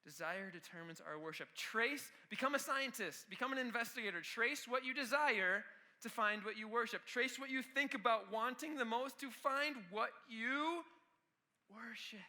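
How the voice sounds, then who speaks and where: A man's voice: extremely high pitch, moderate pace, sharp tone. A man preaching a youth sermon with energy, talking straight to the students. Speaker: youth pastor.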